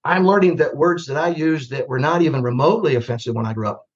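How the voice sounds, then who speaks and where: An older man from the US Midwest, a retired army general telling anecdotes as a podcast guest, plainspoken and lively when he acts out remembered exchanges. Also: fairly high pitch, quick pace, highs cut off. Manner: plainspoken, animated storyteller who acts out remembered dialogue. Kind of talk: conversational storytelling on a podcast.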